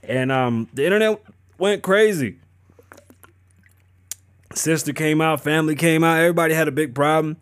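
A man's voice: fairly high pitch, moderate pace, long pauses, clean tone, no echo. A man hosting a podcast, riffing on news in a casual, profane, joking way. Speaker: podcast host. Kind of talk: casual commentary.

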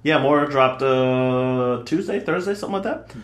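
A man co-hosting a casual gaming podcast, telling stories in an excitable, profane way. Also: medium pitch, normal speed, reverberant. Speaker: podcast co-host. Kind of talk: casual chat.

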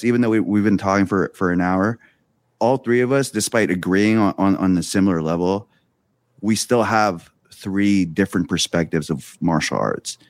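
A man hosting a podcast, thinking out loud in a relaxed way with loose restarts. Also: low voice, dry recording. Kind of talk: casual podcast conversation.

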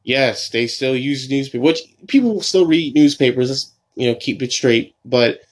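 A young man hosting a casual solo podcast, rambling and excitable, full of fillers and restarts. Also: medium pitch, moderate pace. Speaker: podcast host.

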